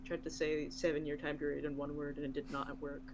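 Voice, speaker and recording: A podcast panelist in casual chat, eager and quick, sometimes tripping over words. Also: medium pitch, flat delivery, noisy background. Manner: eager, quick, tongue slipping.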